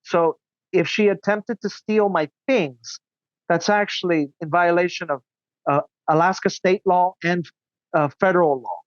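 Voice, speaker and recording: As a guest on a podcast, a man tells his story in a casual interview, indignant and earnest, tossing in quick asides. His voice is high; the recording is dry and dull.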